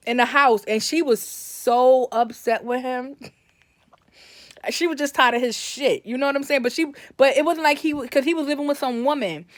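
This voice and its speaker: Woman, storytime vlogger, slightly high voice, dry close sound, rambling and self-correcting. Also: no echo. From Brooklyn, New York. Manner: livens up when quoting family. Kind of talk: casual storytime monologue.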